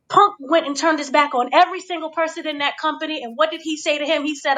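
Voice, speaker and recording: Female host, high voice, animated casual recap. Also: fast talker, hardly any pauses, low-quality recording. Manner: animated, acts out quotes.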